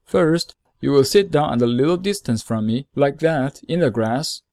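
A man voicing a gentle, lonely male fox in a storybook reading, earnest and measured, explaining things slowly. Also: mid-range voice, animated, no room sound, clean studio sound, natural voice.

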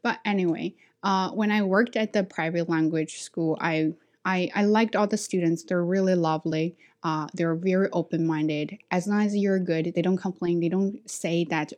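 A woman who speaks English as a second language, her first being Chinese, telling stories from her work as an ESL teacher in a frank, self-assured way and acting out quotes with a raised voice. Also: normal speed. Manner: animated, acts out quotes with high voices. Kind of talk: casual storytelling.

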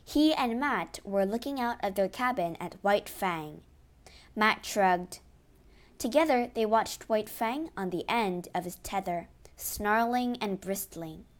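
A woman reading a children's adventure story aloud in a steady, expressive way. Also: mid-range voice, slow. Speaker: narrator.

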